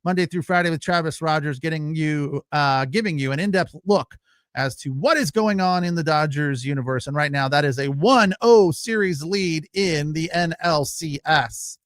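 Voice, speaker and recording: A man's voice: on the high side, normal speed, a bit bright, dry recording, clean studio sound. A man hosting a casual sports podcast, ranting loosely with fillers, restarts and the odd swear word. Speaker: podcast host.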